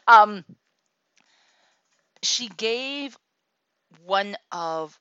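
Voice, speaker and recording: A woman telling a comic story about her daughter, animated and exasperated, laughing often. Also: fairly low pitch, dry recording, dull audio.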